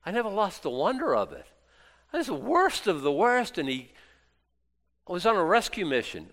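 A man preaching a sermon as a pastor, folksy and jokey, dropping to quiet asides and then rising to loud, excited exclaims. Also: moderate pace, long pauses. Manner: animated, swinging from low asides to loud exclaims; folksy, jokey Bible teaching.

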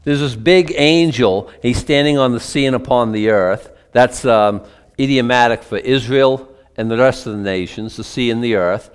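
Speaking at normal speed in a smooth, mid-range voice, a man preaches a conversational Bible-teaching sermon. He poses questions to his listeners and slips in chatty asides between passages of old scripture.

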